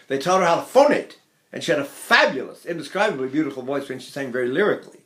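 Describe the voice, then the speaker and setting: An older man teaching singing technique, talking in an animated way with chuckling asides. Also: fairly high pitch, fast talker. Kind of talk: singing lesson lecture.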